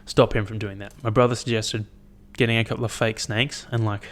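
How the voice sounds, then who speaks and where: A young man hosting his own podcast, chatting in a rambling, profane, animated way as he tells stories. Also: fairly low pitch, fairly quick. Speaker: podcast host. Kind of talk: casual solo podcast chat.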